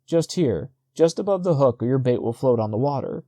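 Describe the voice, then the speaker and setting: A man voicing a talkative, boastful old village fisherman who speaks rapidly and insistently. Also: mid-range voice, animated, mellow, no room sound, studio quality, close to an everyday voice. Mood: excited.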